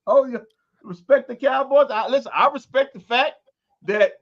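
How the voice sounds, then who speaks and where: A man co-hosting a casual sports talk show, chuckling and rambling, often trailing off into a quiet mumble. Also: very high voice, normal speed, lo-fi sound.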